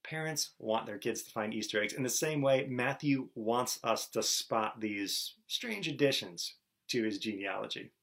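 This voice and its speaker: A man's voice: medium pitch, a little slow, creaky. Man preaching an explanatory sermon. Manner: explanatory, lively rhetorical asides. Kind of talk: teaching sermon.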